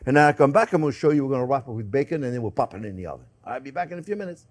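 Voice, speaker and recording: A man's voice: mid-range voice, rapid-fire. An older man with a French accent, hosting a cooking demonstration in a chatty way, laughing at himself as he works. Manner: chatty, animated, self-mocking asides with chuckles. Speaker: cooking show host.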